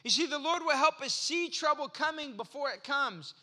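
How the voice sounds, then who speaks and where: This man in his forties, a pastor, speaks at normal speed in an extremely high, sharp, animated voice. He delivers his sermon like a storyteller, chatting with listeners and playing out little dialogues from his anecdotes.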